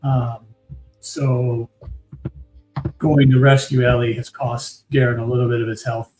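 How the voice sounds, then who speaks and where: Tabletop player, a man, matter-of-fact and unhurried, with audible room echo. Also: mid-range voice, little pitch movement, music in the background. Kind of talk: describing his character in a tabletop game.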